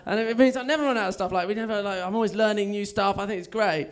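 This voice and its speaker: A young man with an English accent and a notably high-pitched voice works the room in a comedy club. He talks in a chatty, self-mocking way and laughs at his own lines. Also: rapid-fire, clean tone. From England. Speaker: stand-up comedian. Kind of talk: stand-up set. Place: comedy club with a live audience.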